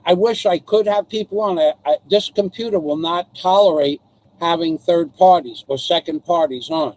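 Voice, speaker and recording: An older man hosting a live stream, rambling in a theatrical, self-mocking way with loud outbursts. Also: a little high, normal speed, poor audio.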